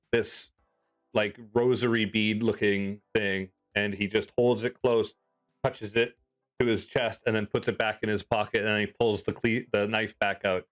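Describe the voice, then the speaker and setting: A man running a tabletop game as game master, narrating in a loose, halting way with many fillers. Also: lowish voice, a bit bright, smooth.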